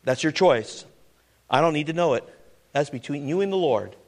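High, lively-voiced preacher in full sermon. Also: male voice. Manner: reads scripture slowly, then builds to loud, emphatic exhortation; conversational with rhetorical questions.

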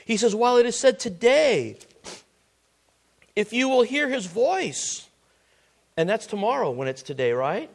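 Gravelly high-voiced preacher man. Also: sing-song, unhurried, long pauses. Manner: dramatic swings from loud exhortation to hushed near-whisper; repeats phrases and asks the congregation questions. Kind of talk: sermon.

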